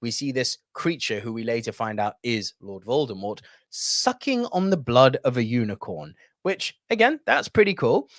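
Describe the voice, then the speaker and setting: A man's voice: medium pitch, very animated, normal speed, hardly any pauses, no echo, studio quality. A man hosting a casual movie review video, chatty and reading out viewer comments.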